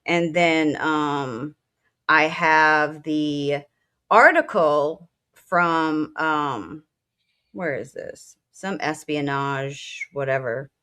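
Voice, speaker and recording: Blunt low-voiced woman co-host. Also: very slow, pushed and bright, clear, resonant tone. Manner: blunt, emotional, swears. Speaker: military veteran. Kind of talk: casual political talk.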